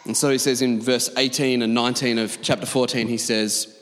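A man's voice: medium pitch, level tone, a little fast, fairly bright tone. A man preaching a sermon as pastor, talking emphatically and conversationally with asides to his congregation. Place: large church auditorium. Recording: long reverb of a large hall.

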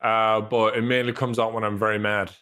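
A man's voice: on the low side, level tone, brisk, over a noisy crowd. A man from Ireland with a mild Irish accent, teasing playfully in a casual podcast chat.

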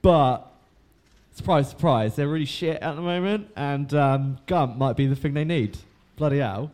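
A man's voice: on the high side, moderate pace, a little mellow. Rambling, sweary man. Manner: swears freely, lots of fillers. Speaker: book recapper. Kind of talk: casual rambling recap.

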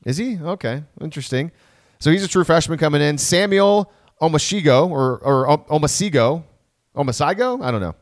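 Man, podcast host, casual sports chat, rambling, self-correcting, fairly high voice, dry close sound. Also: lively intonation, brisk, no echo.

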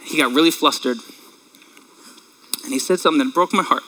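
A man in his thirties delivers a sermon in a bright, slightly raised voice. His preaching is earnest and conversational. He sounds close to tears at times and clears his throat now and then. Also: on the high side, fairly quick, poor audio. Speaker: pastor.

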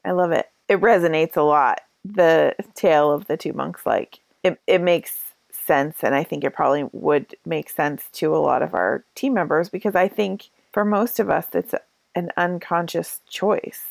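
A woman's voice: low-pitched, moderate pace, gravelly, no room sound. A woman co-hosting a podcast in casual talk, supportive and reflective. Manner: supportive, frequent listening affirmations. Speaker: podcast co-host. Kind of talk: casual conversational chat.

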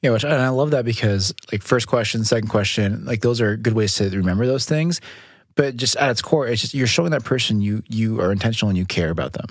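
Relaxed, low-pitched male host. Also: fast, slightly rough, no echo, clean studio sound. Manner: easygoing, conversational. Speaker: podcast host. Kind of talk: casual chat.

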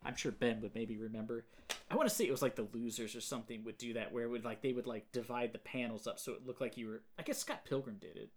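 A man hosting a podcast, casually retelling movie scenes in an animated way and quoting lines. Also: medium pitch, quick pace, slight background noise. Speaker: podcast host. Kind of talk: casual chat.

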